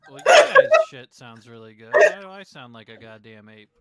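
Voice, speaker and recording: A man's voice: extremely high pitch, wildly swooping pitch, moderate pace, sharp tone. A man hosting a tabletop game stream over a voice call, grumbling about his audio and swearing casually. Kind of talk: casual voice-chat banter.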